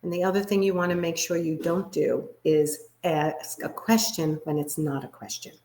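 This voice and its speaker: Animated woman coaching in an echoey room. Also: moderate pace. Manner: animated, demonstrative, shifts pitch and volume for effect. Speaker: body language coach. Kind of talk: live workshop presentation.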